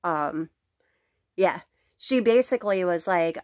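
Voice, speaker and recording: Slow-talking woman ranting blunt and profane. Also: medium pitch, no room sound, clean studio sound. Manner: blunt and profane, laughs between sentences. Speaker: vlogger. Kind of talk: casual venting rant to camera. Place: at home.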